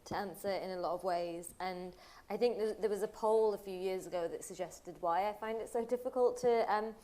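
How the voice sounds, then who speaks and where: A woman's voice: medium pitch, a little fast, mellow. A woman on a panel at a live event, answering thoughtfully and searching for words.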